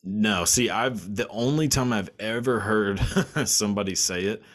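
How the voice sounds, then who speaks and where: A man's voice: on the low side, measured pace, fairly bright tone. A man hosting a podcast in casual chat, laughing often, swearing and rambling with many fillers. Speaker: podcast host.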